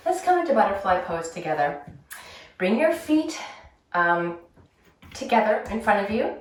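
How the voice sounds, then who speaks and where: A woman guiding children through a yoga story, telling it in a playful, gently instructive way. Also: medium pitch. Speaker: kids yoga teacher. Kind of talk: guided kids yoga story. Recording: echoey room, voice from a distance.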